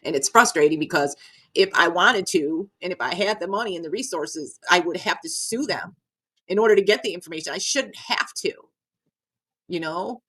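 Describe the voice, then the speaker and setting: Middle-aged woman, low voice, exasperated vlog rant, curses and repeats, a bit choked up. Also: normal speed, a bit bright, breathy edge. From Nevada. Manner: exasperated, swearing, repeating herself. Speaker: vlogger. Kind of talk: frustrated rant to camera.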